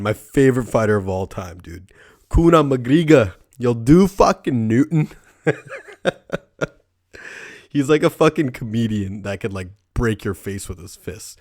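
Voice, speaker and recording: A young man hosts his podcast alone in a low, deep-set voice, recorded close and dry with no room sound. He rambles loosely, swears constantly and fills his talk with "like" and "right?". He often laughs at his own stories. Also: no room sound. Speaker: podcast host. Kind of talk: casual solo podcast monologue.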